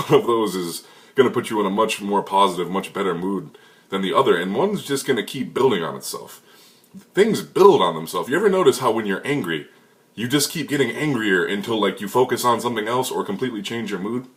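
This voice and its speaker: Young male fitness coach, slightly low voice, swears freely, punchy motivational delivery. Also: a bit bright. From United States. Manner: blunt, profane, emphatic. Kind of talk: motivational talk to camera.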